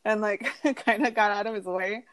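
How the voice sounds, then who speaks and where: A woman with a medium-pitched voice hosts a podcast at a normal speed, casually recapping an episode. She tells her stories in an animated way, often laughing through them, though the audio is poor.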